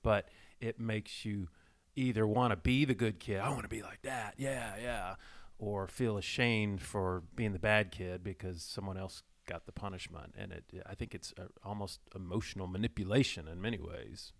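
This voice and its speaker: A man co-hosting a podcast, speaking reflectively and pausing to find words. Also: fairly low pitch, steady tone, vocal fry. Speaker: podcast co-host. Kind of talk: casual chat.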